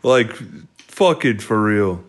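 A man's voice: lowish voice, expressive, takes it slowly. Rowdy, profane young male podcast host. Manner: loose, profane, rowdy, prone to shouting bursts. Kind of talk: casual crude podcast banter.

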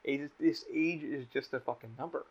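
A man's voice: on the high side, normal speed, breathy edge. A young man hosting a podcast, talking emotionally in casual chat, swearing often and restarting his sentences. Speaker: podcast host.

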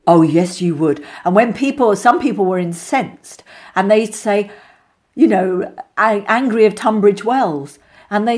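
A middle-aged woman, an actress being interviewed, telling lively anecdotes with many restarts and asides. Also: mid-range voice, a little slow. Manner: chatty, animated storyteller with many restarts.

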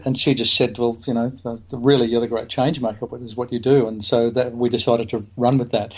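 A man's voice: mid-range voice, a little mellow. A middle-aged man, a psychologist and author, talking as a podcast guest, hesitant with many fillers and restarts. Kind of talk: podcast interview.

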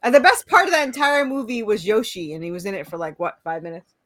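In a relaxed podcast chat, a middle-aged female co-host talks fast, laughs a lot, and often trails off with fillers. Her mid-range voice is a bit bright, and there's no echo.

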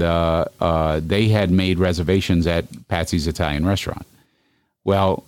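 A man's voice: deep voice, darkish tone, no echo. A man, co-hosting a casual chat and telling rambling anecdotes full of fillers.

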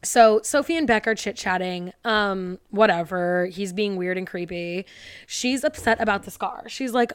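A young woman talks through a movie recap in a loose, sarcastic, chatty way. She drops into quick character voices for the lines she quotes. Her voice sits at a middle pitch and sounds close and dry, with no room around it. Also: clean tone, no room sound. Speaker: podcast host recapping a TV movie. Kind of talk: casual comedic recap.

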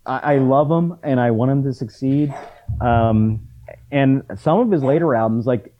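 A middle-aged man chatting casually about concerts, often halting and restarting his sentences with ums. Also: medium pitch, muffled recording, slight background noise. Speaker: punk fan in conversation. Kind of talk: casual chat.

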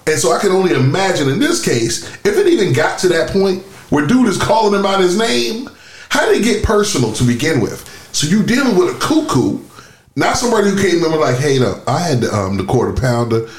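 Lively emphatic man in a roomy space. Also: high voice, brisk. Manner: emphatic, slangy, mimics people. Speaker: podcast co-host. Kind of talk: casual chat. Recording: roomy echo.

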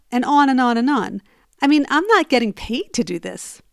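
A woman's voice: high voice, animated, normal speed, gravelly, no room sound. Woman telling a personal story, dry close mic. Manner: conversational, emphatic when reliving arguments.

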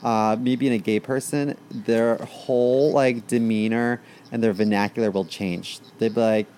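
A man's voice: medium pitch, steady tone, measured pace, darkish tone, a little hiss or hum. A gay man co-hosting a casual podcast, telling stories bluntly with plenty of ums and likes. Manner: blunt, storytelling, lots of fillers. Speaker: podcast co-host. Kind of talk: casual chat.

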